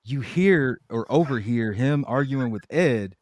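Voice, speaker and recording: A man's voice: medium pitch, lively intonation, a little slow, a little mellow, no echo. Laid-back man, dry close recording. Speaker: podcast co-host. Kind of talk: casual chat recapping a sitcom episode.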